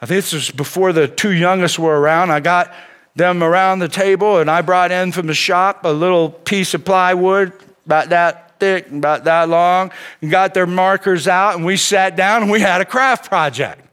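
A middle-aged man, a pastor, giving a sermon as animated storytelling, often dropping "man" into his sentences. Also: sits high, moderate pace, clear, resonant tone.

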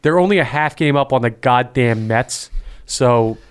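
A man's voice: mid-range voice, a little slow, clear, resonant tone. A man from North Carolina with a slight Southern accent, hosting a casual sports podcast and steering the talk. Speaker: podcast host. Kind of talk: casual chat.

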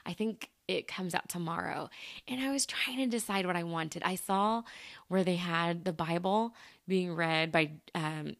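A woman's voice: fairly low pitch, unhurried, vocal fry, dry recording, clean studio sound. A woman hosting her own podcast in a casual, rambling solo chat, laughing often and talking straight to her listeners. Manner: addresses listeners as "you guys" and "y'all". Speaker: podcast host.

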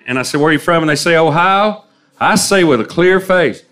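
A man's voice: a little high, fairly quick, fairly bright tone. A man doing folksy, teasing stand-up banter for a live crowd. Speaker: comedy duo performer.

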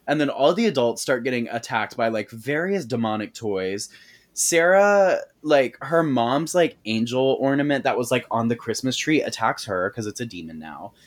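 A man recaps a movie for his podcast in a loose, swearing, gossipy way, and his pitch rises and falls constantly as he acts out each character's lines. The delivery is casual chat between friends, full of asides and laughter. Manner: profane, animated storytelling with quoted voices. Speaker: podcast co-host.

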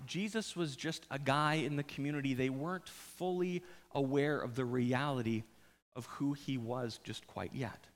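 A man preaching a sermon in an animated, conversational storytelling style with jokes. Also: fairly high pitch, long reverb tail. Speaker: pastor.

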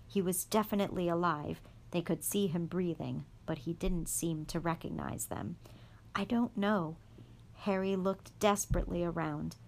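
A woman reading a chapter of a storybook aloud in a calm, even voice. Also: fairly low pitch, moderate pace, creaky, hardly any pauses, slight background noise. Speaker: guest reader.

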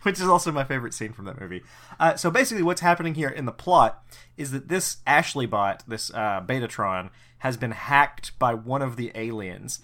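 A man with a bright, forward voice trades casual banter as a podcast co-host. He is wry and sardonic, and he swears freely as he picks apart a show's plot. He speaks at a middle pitch with an easy, offhand manner. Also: expressive, fairly quick. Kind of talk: casual episode recap chat.

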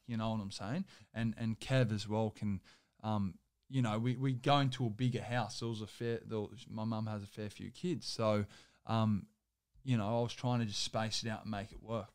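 A man's voice: on the low side, fairly even intonation, normal speed, clean tone, dry recording, studio quality. A young man, telling a personal story as a guest in loose, rambling casual talk full of swearing and filler words.

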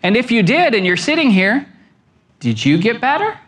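A man preaching a sermon as pastor, animated, with wide swings in pitch and emphatic questions. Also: moderate pace.

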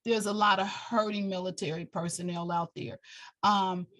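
A woman's voice: medium pitch, fairly even intonation, normal speed, a bit bright. A middle-aged woman, a military veteran and guest, speaking with passion and emotion, tearful, often repeating herself. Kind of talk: heartfelt interview talk.

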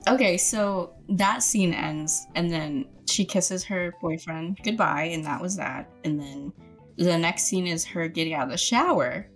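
A woman's voice: fairly low pitch, a little slow, faint music behind. A woman co-hosting a podcast, casually recapping a movie with frequent giggles and quoted lines. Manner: giggly, quotes characters in put-on voices. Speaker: podcast co-host.

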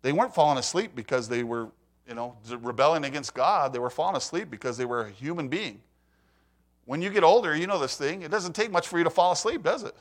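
Older man, preacher, sermon, conversational storytelling, acts out quotes, fairly high voice. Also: animated, quick pace. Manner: conversational, asks the audience questions.

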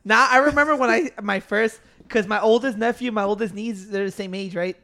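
A man who talks fast and swears freely, rattling through joking rants in casual conversation among friends. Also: high-pitched, bright, forceful tone. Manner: brisk, profane joking rants. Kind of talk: casual chat.

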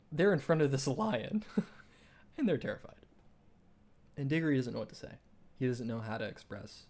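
A young man co-hosting a casual podcast retells a book in a rambling way, full of restarts and fillers, and grows excited when he argues ideas. He speaks at a medium pitch.

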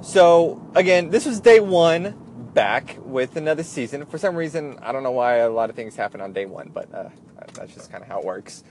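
A man's voice: medium pitch, lively intonation, moderate pace, a little mellow, a little hiss or hum. A young man, a former airline gate agent, tells a rambling work story in a casual way and plays the other people's lines. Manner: rambling, acts out others' voices in quotes.

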